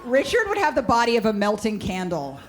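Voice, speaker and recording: Woman, stand-up comic, brash deadpan, slightly high voice, live stage, noisy audience room. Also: fairly quick. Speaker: stand-up comedian. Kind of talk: stand-up comedy. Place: comedy club stage. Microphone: handheld stage mic. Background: audience laughter.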